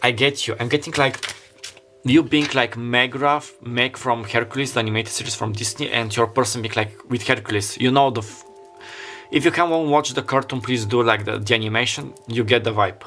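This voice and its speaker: A man's voice: mid-range voice, fairly even intonation, a little fast, fairly bright tone, soft background music. Earnest rambling male tarot reader. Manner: rambling, stops and restarts, heavy use of "like"; earnest and openly emotional. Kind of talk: pick-a-card tarot reading.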